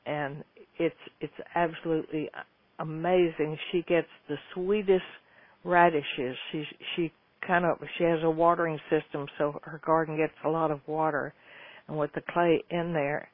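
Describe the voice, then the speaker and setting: Male host, folksy and rambling, slightly high voice, dry and phone-thin sound. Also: little pitch movement, normal speed, no echo. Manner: folksy, rambling, with frequent restarts. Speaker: host answering listener questions. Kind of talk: casual gardening advice talk. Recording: tinny phone-like line, dry.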